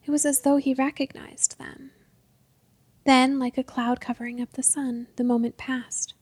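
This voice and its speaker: A woman narrating a story in the first person, measured and dropping to a hush at tense moments. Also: high-pitched, flat delivery, breathy edge, no echo.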